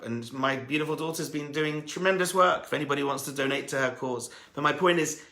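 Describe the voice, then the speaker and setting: Animated storytelling rabbi, bright voice. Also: male voice, fairly high pitch, reverberant. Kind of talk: storytelling sermon.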